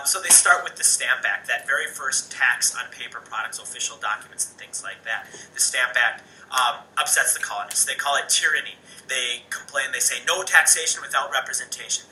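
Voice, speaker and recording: Animated man teaching in an echoey room. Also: medium pitch, distant mic, slight background noise. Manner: animated, conversational, many "um"s and "right?". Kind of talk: recorded homework lesson, study guide review.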